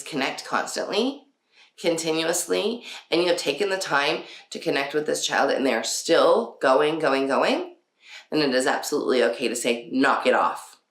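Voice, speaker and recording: A woman hosting a casual parenting talk, chatty, with frequent laughs and many fillers. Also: deep voice. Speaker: podcast host. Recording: roomy echo.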